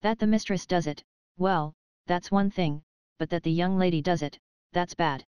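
A woman reading the part of a secretive old cook who speaks with hushed, mysterious conviction. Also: lowish voice, normal speed, clean tone, no echo, lo-fi sound, natural voice. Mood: ominous. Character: secretive, self-assured old female cook.

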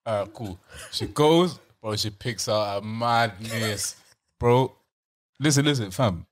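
A man's voice: medium pitch, slow pace. A man, co-hosting a podcast and telling stories in casual, slang-filled chat. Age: 20s. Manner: slangy, laughing storyteller. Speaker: podcast co-host.

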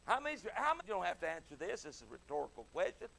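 A middle-aged man preaching an evening sermon with passion, dropping soft and then rising loud as he acts out pleading voices. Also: a little high, big pitch swings, fairly quick, gravelly, long pauses.

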